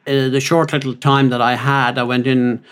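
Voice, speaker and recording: A man's voice: mid-range voice, flat delivery, moderate pace, a bit bright, clear, resonant tone. An older man co-hosting a podcast, telling rambling, self-mocking stories in casual chat. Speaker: podcast co-host.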